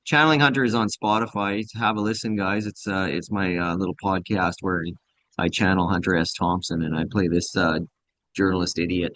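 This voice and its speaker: Low-voiced joking man on a call. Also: fairly even intonation, brisk, fairly bright tone, no room sound. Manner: jokey, rambling, playful. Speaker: podcast host. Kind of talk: casual video call chat. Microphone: video call.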